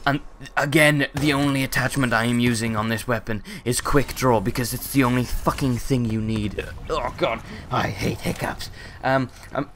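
A man's voice: medium pitch, fairly even intonation, moderate pace, few pauses, fairly bright tone, a little hiss or hum. A man with a sore throat and hiccups, giving rambling, sweary casual gameplay commentary full of ums.

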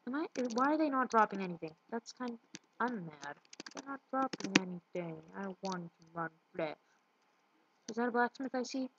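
A woman's voice: on the high side, animated, moderate pace. A woman giving casual gameplay commentary, rambling and tripping over her words. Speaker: let's play gamer. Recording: muffled lo-fi with loud hiss.

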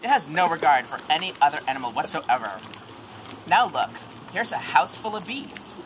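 Man doing a lively mock-nature narration. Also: on the high side, normal speed. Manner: mock-documentary narration with disgusted asides. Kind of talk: silly amateur script reading. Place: on vacation. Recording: noisy amateur recording.

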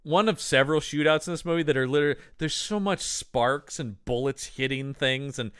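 A man's voice: a little high, fairly quick, clear, resonant tone, dry recording, clean studio sound. A man co-hosting a movie podcast, chatting casually and emphatically, acting out quotes as he talks. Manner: animated, emphatic, acts out quotes. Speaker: podcast co-host. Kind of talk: casual movie review chat.

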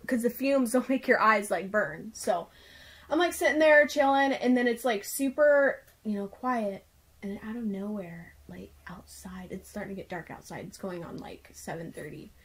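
A young woman with a fairly high voice tells a story in a loose, casual way. She leans on "like" in almost every phrase and sounds earnest and worked up. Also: moderate pace, husky. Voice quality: filler-heavy, says "like" constantly. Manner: excited and earnest retelling.

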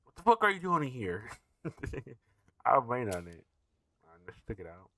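A man hosting a reaction video, tossing out profane, laughing commentary in a bright voice. His pitch jumps around a lot as he gets excited. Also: moderate pace.

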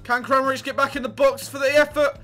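A man giving excitable live gameplay commentary, yelping at near misses and swearing. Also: extremely high pitch, quick pace, soft background music. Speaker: gaming channel host.

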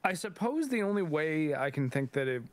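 A man's voice: fairly high pitch, very animated, moderate pace. A man co-hosting a casual film discussion, thinking aloud and hedging his points.

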